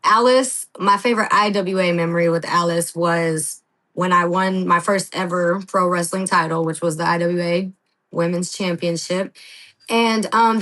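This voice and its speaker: A woman wrestler talking casually on a podcast, telling animated stories, acting out quotes, laughing and swearing freely. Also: medium pitch, low-quality recording. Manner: lively storyteller, acts out quotes, laughs, swears. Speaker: wrestling guest.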